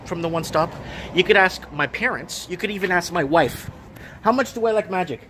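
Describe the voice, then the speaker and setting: A man's voice: high voice, lively intonation, brisk, a bit bright, a little hiss or hum. A man in his thirties, a vlogger and shop owner, rambling and exasperated as he talks casually in his shop under renovation, repeating himself. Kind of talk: casual vlog rant.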